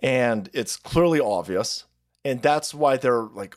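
Animated, mocking male streamer. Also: mid-range voice, moderate pace. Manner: crude, mocking, often laughing and yelling outbursts. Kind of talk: profane ranting commentary.

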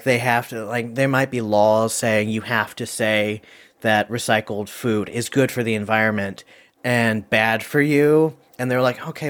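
Rambling man hosting a movie quiz. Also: mid-range voice. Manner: rambling, lots of fillers and quick asides. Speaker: host of a movie review game show. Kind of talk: casual chat.

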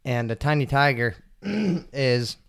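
A stoned man hosts his podcast from a table at home, talking in a loose, rambling, foul-mouthed way. His mid-pitched voice comes through smooth and resonant, close and dry with no room sound around it. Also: animated, slow, fairly bright tone, no echo. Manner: rambling, profane, laid-back. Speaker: podcast host. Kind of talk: casual solo podcast chat. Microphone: table mics.

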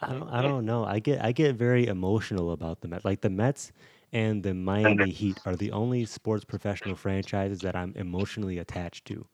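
A man's voice: on the low side, fairly quick, a little mellow, no room sound, clean studio sound. A man co-hosting a podcast in casual chat, often stammering and turning dryly mock-serious. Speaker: podcast co-host.

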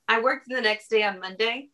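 A woman's voice: a little high, measured pace, sharp tone. A young woman co-hosting a casual podcast chat, telling a personal story in a rambling way and laughing often. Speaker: podcast co-host.

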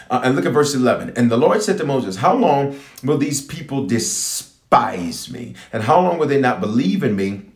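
Fervent preacher man in an echoey room. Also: medium pitch. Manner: fervent, repeats lines for emphasis, reads scripture aloud. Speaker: bishop preaching online. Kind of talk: livestreamed sermon and prayer.

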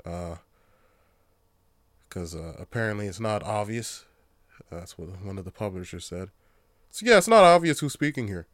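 A man's voice: fairly low pitch, lively intonation, moderate pace, pauses often, dry recording, studio quality. A man hosting a podcast on his own, ranting in a casual, profane, rambling way that often turns heated. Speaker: podcast host. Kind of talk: casual solo podcast rant.

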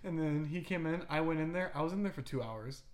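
A woman's voice: low-pitched, fast talker, a little mellow. A woman co-hosting a casual chat show, reading out listener stories with giggles and stumbling restarts. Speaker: podcast co-host.

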